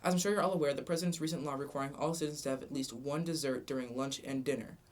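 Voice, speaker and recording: A man's voice: medium pitch, steady tone. A man reading stories as anchor of a student mock news broadcast. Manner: brisk, reading from script.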